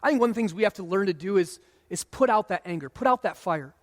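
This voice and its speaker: A man in his thirties preaching a sermon in a relaxed, conversational way, sometimes acting out what people say. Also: sits high, fast. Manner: conversational preaching, acts out quoted voices. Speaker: pastor. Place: church sanctuary. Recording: long hall reverb.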